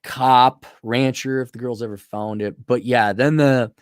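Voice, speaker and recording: A man hosting an opinionated commentary monologue, rambling and animated, often slipping into mocking impressions. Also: mid-range voice, a little slow, clean tone, no echo, studio quality. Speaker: host.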